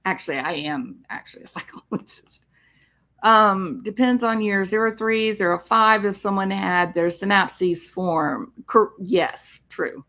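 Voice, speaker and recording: A woman's voice: medium pitch, unhurried, a bit bright. A woman psychologist talking on a live stream, explaining clinical topics and answering viewer comments.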